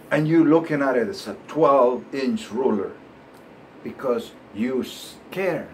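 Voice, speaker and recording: Hosting his show, a man speaks at medium pitch with a bilingual Spanish-English accent, delivering a preachy motivational talk over slight background noise. He's animated, keeps asking "right?" and frequently bursts into laughter.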